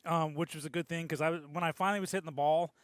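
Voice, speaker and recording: A male co-host with a somewhat high voice who jokes and teases through casual radio chat. The sound is dry and close-miked. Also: steady tone, no echo. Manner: playful, quick to joke. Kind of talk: casual on-air banter.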